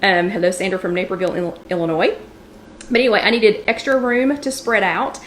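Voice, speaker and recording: A woman's voice: mid-range voice, fairly even intonation, fairly quick, a little hiss or hum. A woman hosting a casual livestream from a kitchen showroom, chatting and greeting viewers by name. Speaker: livestream host.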